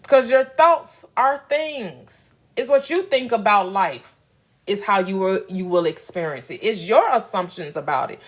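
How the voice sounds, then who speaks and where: A spiritual teacher with an expressive, mid-range voice gives a preachy motivational talk at an unhurried pace. She repeats phrases and throws questions back to her listeners in call-and-response.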